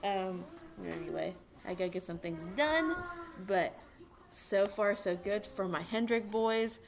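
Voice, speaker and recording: Chatty young woman with a gravelly voice. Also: mid-range voice, unhurried, a little hiss or hum. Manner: chatty, excitable, rambling with many fillers. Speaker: vlogger and racing fan. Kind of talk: casual chat to camera. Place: at home with a dog.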